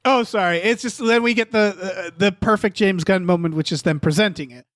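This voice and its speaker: Guy w a pretty high voice riffing on a movie, swears a lot, dry close sound. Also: a little fast, no room sound. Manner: animated, swears freely, laughs often. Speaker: podcast host. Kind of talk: casual movie discussion.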